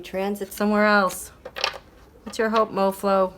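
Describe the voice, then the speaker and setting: A woman giving a solo tarot reading in a deliberate, measured way. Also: mid-range voice, fairly even intonation, a bit bright, slight background noise. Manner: slow, deliberate delivery broken by fits of giggling. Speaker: tarot reader.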